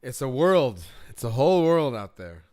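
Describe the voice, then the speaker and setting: A young man hosting a live reaction stream from home, chatting casually and excitedly about viewers' comments. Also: mid-range voice, moderate pace, no room sound, clean studio sound. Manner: excitable, chatty, laughs easily. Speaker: reaction channel host.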